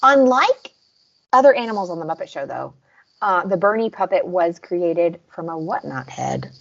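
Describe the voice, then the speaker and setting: A woman's voice: fairly low pitch, expressive, normal speed, vocal fry, dull audio, slight background noise. A woman with a Southern US accent, co-hosting a podcast in casual chat, going over scenes in detail. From American South. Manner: chatty, recaps scenes in detail. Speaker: podcast co-host.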